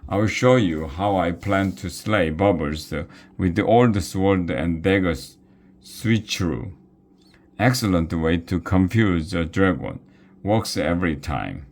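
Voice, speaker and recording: A man's voice: low voice, lively intonation, a little slow, exaggerated voice. A man doing a boastful knight teacher. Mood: jovial. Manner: jovial, boastful.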